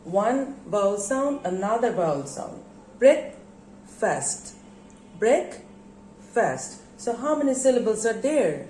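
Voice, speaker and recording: In a recorded lesson from an echoey classroom with faint background noise, a Bangladeshi English teacher stretches words out slowly and says them again for her students. Her voice is a little high, animated and darkish.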